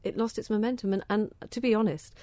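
She's a middle-aged woman from southern England who campaigns for organic food, and in this interview she talks fast in a mid-range voice with fairly even intonation and a dark tone. No echo is present. Her answers are enthusiastic and chatty, and she often repeats words when starting out on a thought.

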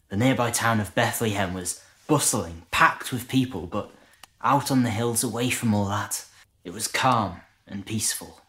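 A man's voice: medium pitch, fairly bright tone, natural voice. An actor playing a humble male shepherd recalling a night by the fire, in a conversational, hesitant, marvelling way. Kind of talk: dramatic monologue.

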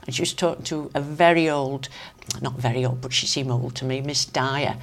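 An older woman with a Manx accent recounts old memories in a chatty, storytelling way. Her voice sits low. She talks in loose, lively asides, like a guest chatting easily. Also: moderate pace. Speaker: interview guest. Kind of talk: casual reminiscing anecdotes.

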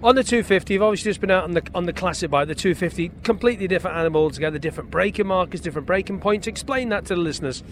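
A man with a high voice talks fast and jokily as he roams a race paddock, grabbing riders for a chat. He is recorded outdoors, with clear background noise around him. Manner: brisk, chatty, jokey. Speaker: trackside motorcycle racing reporter. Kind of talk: roving paddock interview.

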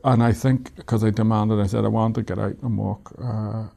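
Gravelly-voiced Irish man, wry and reflective. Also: lowish voice, flat delivery, moderate pace, dark tone. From Ireland. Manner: wry, reflective, often laughing while he talks. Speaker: author and interview guest. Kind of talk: reflective storytelling in an interview.

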